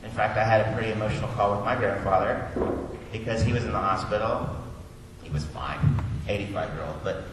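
Man preaching in an echoey hall. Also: on the low side. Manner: conversational, swings from soft and slow to loud and urgent. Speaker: pastor. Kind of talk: sermon. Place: church sanctuary. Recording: echoey hall, distant mic, audible room noise.

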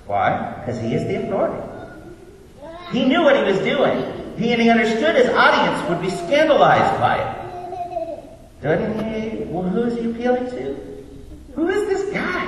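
A man preaching a sermon in a church, animated and joking at his own expense. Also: extremely high pitch, moderate pace, long pauses. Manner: animated, joking, self-deprecating. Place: church sanctuary. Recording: echoey hall from far off, faint noise.

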